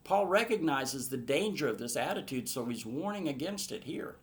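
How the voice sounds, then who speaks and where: An earnest man teaching through a Bible passage verse by verse. His voice sits in an ordinary middle pitch, and he builds to emphatic, passionate bursts before settling back to steady explanation. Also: moderate pace.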